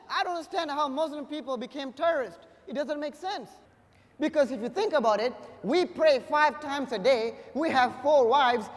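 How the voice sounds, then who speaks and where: Young male stand-up comic, very high voice, punchy energetic delivery, long hall reverb. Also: normal speed. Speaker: stand-up comedian. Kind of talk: stand-up comedy set. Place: live comedy stage before an audience.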